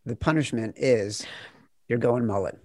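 A man hosting a podcast quiz game, blunt and quick to swear. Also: mid-range voice, a little mellow, no echo, clean studio sound. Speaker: game show host.

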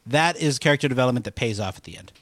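A man's voice: mid-range voice, expressive, racing, a bit bright, no echo. A man co-hosting a podcast, chatting casually and retelling scenes with laughs. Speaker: podcast co-host. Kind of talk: casual chat.

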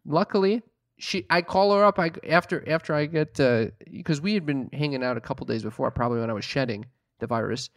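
A man tells a story in casual chat, swearing a lot and sounding exasperated as he mimics other people in mocking put-on voices. His voice is on the high side and fairly quick, with a dry, clean studio sound.

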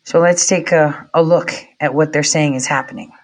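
A woman live-streaming casual commentary, excitable and rambling, with quick asides to her chat. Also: low voice. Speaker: livestreamer.

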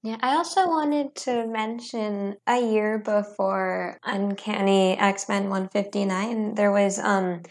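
A woman co-hosts a podcast in casual conversation, and her voice has a strong vocal fry at a mid pitch. She rambles hesitantly and fills her sentences with "um" and "like". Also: steady tone, slow, few pauses. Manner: rambling, hesitant, many fillers. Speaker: podcast co-host. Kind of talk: casual chat.

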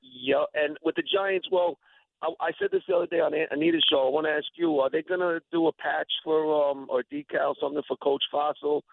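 Gravelly man calling in on phone. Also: fairly high pitch, lively intonation, a little fast, no echo. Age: 40s. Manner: rambling, hesitant, friendly. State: morning voice. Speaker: radio caller. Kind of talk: phoned-in chat. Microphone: telephone. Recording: tinny phone line.

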